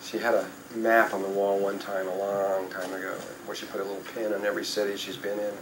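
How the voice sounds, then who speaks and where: A man's voice: fairly low pitch, monotone, fast talker, background noise. An older man, a spiritual speaker, tells a rambling anecdote to a live audience, with fillers and self-corrections along the way. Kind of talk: storytelling talk to an audience.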